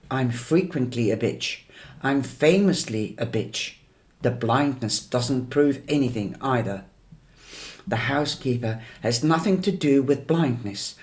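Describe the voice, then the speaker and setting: A man reading a first-person novel aloud as an audiobook narrator, in a measured, deliberate way. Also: medium pitch. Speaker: audiobook reader.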